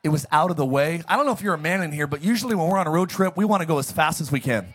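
A pastor preaching a sermon, joking and calling on the congregation to repeat phrases after him. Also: male voice, on the high side, expressive, racing, a bit bright, slightly rough. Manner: jokey, calls for congregation responses.

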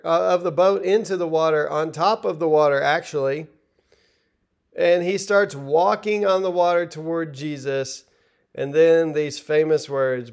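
A man's voice: on the high side, vocal fry, darkish tone. A middle-aged man preaching a sermon in an earnest, conversational way, retelling the text and stumbling over restarts now and then.

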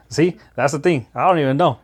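A man's voice: on the high side, a little slow, husky. A man hosting a podcast in casual chat, rambling with frequent laughs and restarts. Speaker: podcast host.

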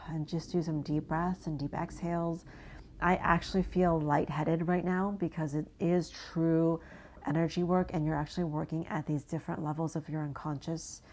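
A woman from New England gently guiding an inner child visualization, speaking softly and slowly and often dropping to a hushed near-whisper. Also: low-pitched, steady tone, slight background noise. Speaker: inner child and energy work guide.

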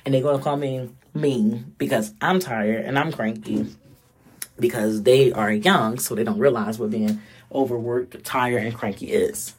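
A woman's voice: very deep voice, unhurried, slightly rough. A woman in her thirties giving a blunt, profane, direct casual monologue as a vlogger.

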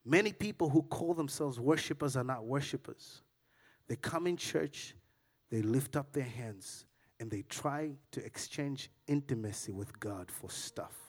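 A man preaching a sermon in church, telling a story in a lively way that climbs to loud, excited peaks. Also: medium pitch, a little slow, husky, faint music behind. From Africa.

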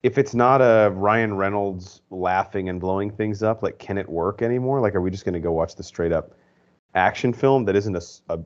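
A man with a fairly low voice talks through movies on a podcast, rambling and full of fillers as he gives his opinions. The audio is dull and lo-fi, like a home podcast setup. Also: normal speed. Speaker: podcast co-host. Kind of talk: casual movie review chat.

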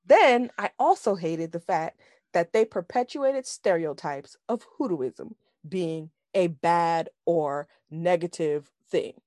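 A woman talks in a casual chat, blunt and frequently profane, laughing between points. Her pitch swings widely, and the sound is dry and close. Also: lively intonation, takes it slowly, a little mellow, dry recording. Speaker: podcast co-host reviewing a film.

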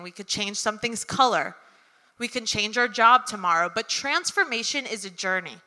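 A young woman tells a story to a live crowd in a loose, chatty way, scattering ums and likes. Her voice is strikingly bright and a bit high. The sound carries a long hall reverb. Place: event venue with audience.

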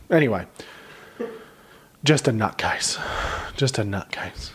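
A man's voice: medium pitch, a little fast. Rambling Australian man telling stories. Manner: rambling storyteller, animated retellings. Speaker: podcast host. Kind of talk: casual chat.

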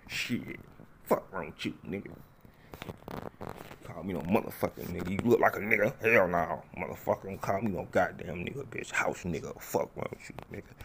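A man's voice: low-pitched, fairly bright tone, slight background noise. A man voicing a hot-tempered tough guy who curses and threatens. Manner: gruff, cursing, threatening. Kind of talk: comedy skit voices.

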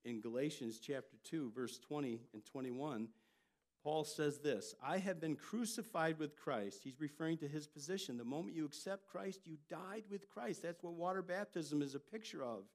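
An older man, a pastor, preaching a sermon and telling family stories with lively jumps in loudness. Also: a little high, moderate pace. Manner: storytelling, animated delivery with jumps in loudness.

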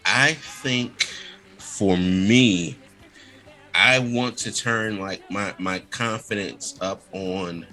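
Man, casual podcast talk, lowish voice, bright tone, faint music behind. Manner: relaxed storyteller, reflective. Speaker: podcast co-host. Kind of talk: casual chat.

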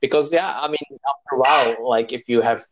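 A man in a casual conversation, speaking haltingly as he searches for words. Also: mid-range voice, steady tone, dull audio. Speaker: guest writer.

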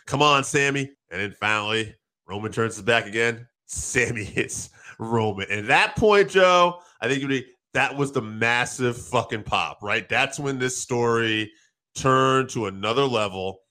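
Bright-voiced man recapping wrestling excitedly. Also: medium pitch. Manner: excited, quick storytelling with acted quotes and profanity. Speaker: wrestling show co-host. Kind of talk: casual recap commentary.

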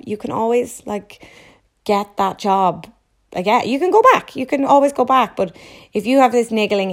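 A woman, hosting a casual solo podcast in a chatty, emphatic way with quick asides. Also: fairly low pitch. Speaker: podcast host.

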